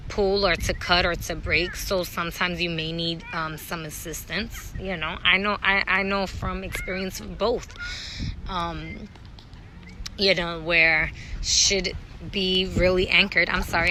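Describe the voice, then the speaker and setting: A woman with a fairly low voice, a spiritual healer, talks candidly and bluntly in a casual vlog, swearing often. It's recorded outdoors at a dog park, with background noise.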